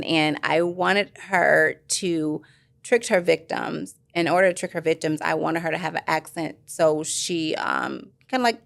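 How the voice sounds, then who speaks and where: A woman actress answering interview questions in a rambling, animated way, acting out what others said to her. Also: fairly low pitch, gravelly. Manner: rambling, animated, acts out quoted voices. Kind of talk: casual interview chat.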